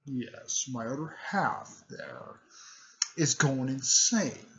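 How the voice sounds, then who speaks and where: A man voicing a menacing male nine-tailed fox spirit, speaking slow and low with a sneer, on a slightly muffled recording. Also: animated. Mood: grave.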